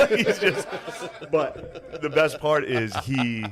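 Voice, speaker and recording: A man's voice: fairly high pitch, big pitch swings, drawn-out words, crowd noise. A man co-hosting a podcast, teasing and cracking profane jokes in casual banter. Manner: joking, teasing interjections, profane. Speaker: podcast co-host.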